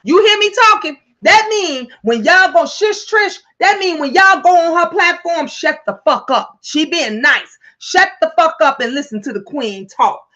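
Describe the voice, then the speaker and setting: A woman hosts a casual livestream, speaking in a high, bright voice. She is loud, playful and profane, and breaks into laughter often. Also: expressive, normal speed, few pauses, muffled recording. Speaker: livestream host.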